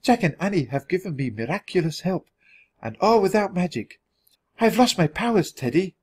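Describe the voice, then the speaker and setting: A man voicing a gentle young enchantress. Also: sits high, animated, moderate pace, husky, pitched above the performer's own voice. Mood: earnest. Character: kind young woman enchantress.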